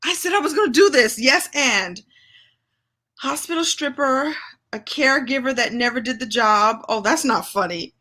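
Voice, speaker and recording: Woman from New York hosting a lively live chat, bright and forceful, a bit high. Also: normal speed. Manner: playful, exclamatory, laughs often. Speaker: speaker hosting a live session. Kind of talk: lively live-stream chat with an improv game.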